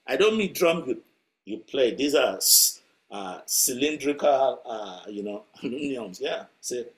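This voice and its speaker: A man's voice: medium pitch, lively intonation, measured pace. A man preaching a sermon through a story, conversational and chuckling as he tells it.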